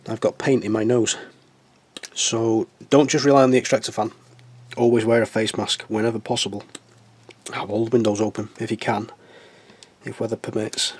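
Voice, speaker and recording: A man's voice: lowish voice, level tone, normal speed, a little mellow, breathy edge. A man with a stuffy nose, chatting in a casual, self-mocking way as he works on a scale model. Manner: chatty, self-mocking, talks to himself while working. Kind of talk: casual hobby tutorial chat.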